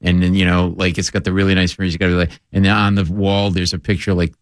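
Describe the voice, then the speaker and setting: A middle-aged man from Rhode Island, a guest comedian telling rambling, animated stories in casual chat. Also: low voice, rapid-fire, clear, resonant tone, no echo. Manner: rambling, animated, full of "like" and asides. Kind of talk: comic storytelling in casual chat.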